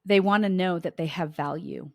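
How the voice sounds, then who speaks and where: A woman's voice: lowish voice, moderate pace, a little mellow, dry recording. A middle-aged woman hosting a homeschooling podcast, chatting casually and telling family stories as she acts out the dialogue. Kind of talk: casual anecdotal talk to listeners.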